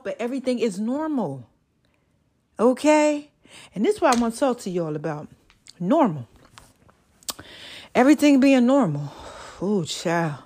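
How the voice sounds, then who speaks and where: A woman hosting a solo podcast, talking casually and warmly to her listeners, testifying about her life and calling them y'all and child. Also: medium pitch. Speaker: podcast host.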